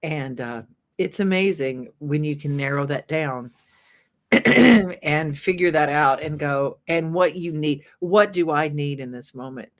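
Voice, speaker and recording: A woman's voice: low voice, unhurried. A woman hosting a talk show who tells little stories, reads out viewer comments and affirms her co-host.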